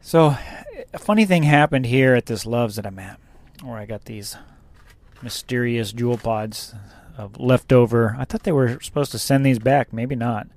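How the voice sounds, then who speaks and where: Male trucker vlogger, rambling casual delivery, mid-pitched, dry close-miked sound. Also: normal speed, a little mellow, no room sound. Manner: rambling, laughs at own story. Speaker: truck driver. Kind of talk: casual chat.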